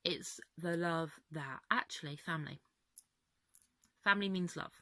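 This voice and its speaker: A young woman chats candidly to camera in a rambling, open way, her voice fairly low and a bit worn. She is recorded close and dry, with almost no room sound. She laughs often between thoughts. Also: unhurried, fairly bright tone, no echo. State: voice going. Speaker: vlogger. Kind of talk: casual chat to camera.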